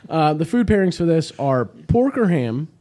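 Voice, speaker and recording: A man's voice: fairly high pitch, very animated, normal speed, dark tone, slight background noise. A young man hosting a casual podcast, reading beer labels aloud and explaining the style. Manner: reads product blurbs aloud, explanatory. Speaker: podcast host.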